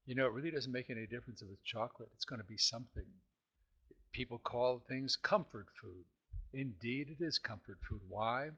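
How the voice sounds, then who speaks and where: A man hosting his own self-help podcast, talking casually to listeners, often clearing his throat and asking rhetorical questions. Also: mid-range voice, brisk, fairly bright tone, dull audio.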